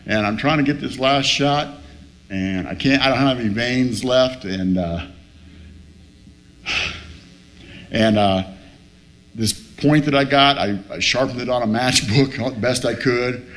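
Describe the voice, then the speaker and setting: A man's voice: mid-range voice, measured pace, long pauses, a bit bright. A man in his fifties telling his recovery story at a meeting, a joking, profane storyteller who laughs at himself, speaking into a stage mic in a room with a live audience. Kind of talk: personal story told to a meeting. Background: faint room noise and audience laughter.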